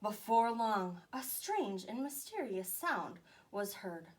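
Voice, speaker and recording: A woman teacher reading a picture book aloud to young children with expressive storytelling. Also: medium pitch, slow. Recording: voice a bit far from the mic.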